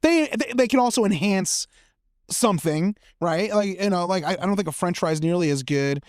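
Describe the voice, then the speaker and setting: A man guest on a podcast, chatting casually and telling stories in an animated way, laughing often and saying "man" a lot. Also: sits high, normal speed, no room sound, clean studio sound. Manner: animated, laughs often, lots of fillers like "man" and "you know". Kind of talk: casual chat, storytelling.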